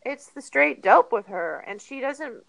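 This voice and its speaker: A woman's voice: high voice, measured pace, gravelly, dry recording, low-quality recording. A woman in her thirties, a guest telling a candid personal story in an earnest, chatty way. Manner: earnest, chatty, animated retellings with laughs.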